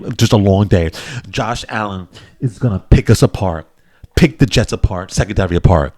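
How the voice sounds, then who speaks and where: New guy ranting about his team, kinda low voice, dry sound, keeps repeating himself. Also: darkish tone, no echo. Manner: rambling and repetitive, worked up. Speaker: sports preview host. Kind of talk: casual sports talk.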